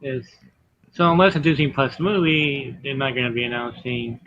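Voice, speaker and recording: A man's voice: mid-range voice, steady tone, moderate pace, highs cut off. A man giving brief, matter-of-fact answers as a guest on a casual live stream. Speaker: guest giving entertainment news.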